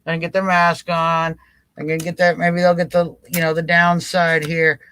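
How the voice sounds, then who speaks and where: A man's voice: fairly high pitch, completely flat delivery, moderate pace, sharp tone, a little hiss or hum, poor audio. A man hosting a live political talk stream, mocking and acting out scenes as he talks.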